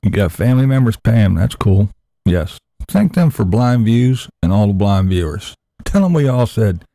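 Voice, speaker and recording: A man's voice: on the low side, very animated, normal speed, warm tone, no room sound, studio quality. A man hosting a laid-back, crude morning live stream chat, talking to viewers in the chat.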